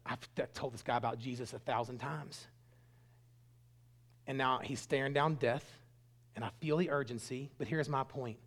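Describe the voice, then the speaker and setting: Preaching in a mid-range voice, a middle-aged pastor earnestly tells stories, his delivery shifting from loud outbursts to quiet, hushed lines.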